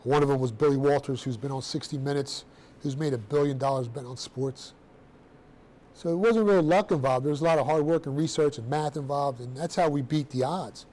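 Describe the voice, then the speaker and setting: A middle-aged man telling his own story to a room of students in a blunt, streetwise, animated way, with casual slang. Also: mid-range voice, a little fast. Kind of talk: personal storytelling talk to students.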